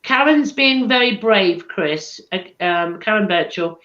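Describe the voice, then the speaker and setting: A woman's voice: mid-range voice, animated, measured pace, pushed and bright. Chatty teasing woman, echoey lo-fi. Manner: chatty, teasing, laughs often. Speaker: co-host. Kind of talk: casual live-stream chat. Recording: echoey room, dull lo-fi stream audio.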